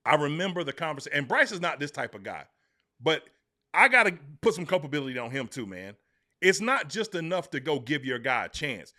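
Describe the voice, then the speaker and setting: A man's voice: sits high, a little fast. A man with a Southern US accent hosting a casual sports talk show, telling stories emphatically. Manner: emphatic, animated storytelling.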